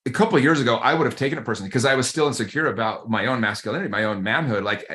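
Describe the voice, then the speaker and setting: A man who coaches a men's group, telling a story as a guest in a podcast interview, animated and conversational, often addressing the host by name. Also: mid-range voice, racing, few pauses.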